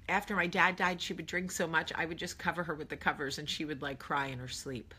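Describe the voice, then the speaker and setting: Animated woman telling a story, husky and bright. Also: lowish voice, a little fast, hardly any pauses. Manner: animated, shouting when reenacting, conversational. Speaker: vlog host. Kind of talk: casual storytelling vlog.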